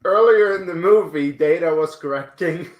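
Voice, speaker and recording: Chill guy chatting about movies, bit higher voice, echoey room. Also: moderate pace. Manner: laid-back, laughs often. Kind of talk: casual movie watchalong chat. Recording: roomy echo on the voice.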